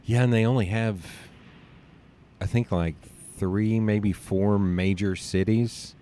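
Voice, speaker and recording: A man with a very low voice hosts a casual podcast interview. He jokes freely and drifts into rambling anecdotes, telling stories with animated asides. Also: slow, slight background noise. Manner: jokey, rambling, animated storyteller. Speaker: podcast host.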